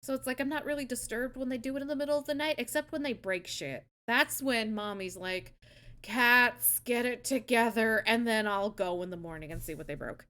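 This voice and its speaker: A woman's voice: a little high, a little fast, hardly any pauses, a bit bright. A young woman chatting casually as a stream host, bubbly and giggly, swearing freely. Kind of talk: casual chat.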